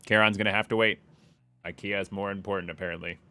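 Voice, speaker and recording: A man's voice: on the low side, steady tone, fast talker, bright, forceful tone, clean tone. A young man giving playful live commentary as he plays a game, humming along and taunting enemies. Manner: playful, taunts enemies and hums while playing. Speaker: streamer.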